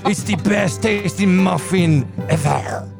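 A man's voice: high voice, slow pace, vocal fry, over music, pitched above the performer's own voice, exaggerated voice. A man doing a gushing boastful baker. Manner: gushing, over-the-top. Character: boastful male TV contest baker.

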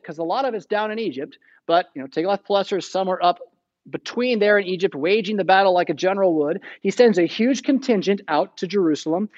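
A man's voice: high voice, dull audio. An American man preaching a sermon in a church, retelling the story casually and acting out the quotes.

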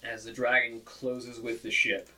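A man running a tabletop game as game master, narrating slowly with many restarts. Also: medium pitch, little pitch movement, bright, forceful tone. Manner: slow, halting descriptive narration with restarts. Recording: distant mic with clear background noise.

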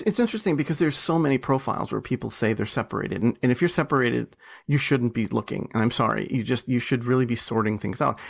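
A man's voice: medium pitch, creaky. A man being interviewed as an author and entrepreneur, telling stories in a chatty, self-deprecating way with frequent laughs and restarts. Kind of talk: casual storytelling interview.

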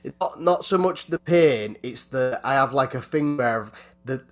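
A man's voice: medium pitch, expressive. Rambling, sweary man. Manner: rambling, halting, heavy swearing. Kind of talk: casual podcast chat.

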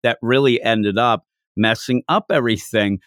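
A man's voice: medium pitch, moderate pace, fairly bright tone, no echo, studio quality. A man co-hosting a casual manga podcast, retelling scenes and acting out character lines in funny voices. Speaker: podcast co-host.

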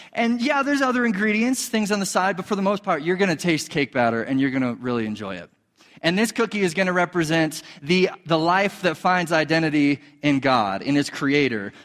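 High-voiced, lively young preacher in a hall. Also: male voice. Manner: energetic, joking, hypes the crowd. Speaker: youth pastor. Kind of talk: sermon with a live stage demonstration. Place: large hall with a live audience. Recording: long hall reverb.

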